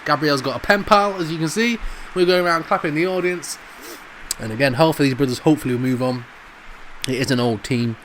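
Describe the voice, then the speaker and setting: A middle-aged man with a Jamaican accent, giving excitable, laughing commentary over a football video game. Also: on the high side, slight background noise. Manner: excitable, laughs often, drawn-out shouts over goals. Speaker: gaming commentator. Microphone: studio microphone.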